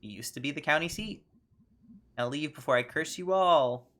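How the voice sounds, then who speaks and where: A man's voice: a little high, moderate pace, sharp tone. A man reading as a pompous ghost mayor. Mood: proclaiming.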